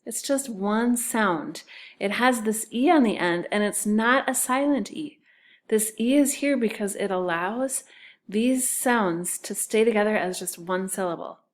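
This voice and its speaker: Slow, patient woman teacher. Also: medium pitch. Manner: slow and patient, spells words letter by letter. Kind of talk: recorded phonics lesson for children.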